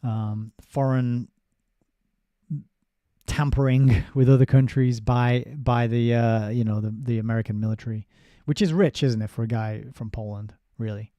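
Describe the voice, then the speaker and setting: A man's voice: medium pitch, steady tone, moderate pace, mellow, no echo. A man giving a casual spoken book review. He reads passages aloud, breaks off into sardonic asides and often restarts his sentences.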